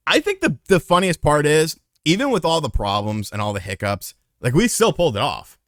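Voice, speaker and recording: A man's voice: a little high, very animated, a little fast, a bit bright, no room sound, clean studio sound. A man in his thirties telling a story in a casual, rambling, profane way.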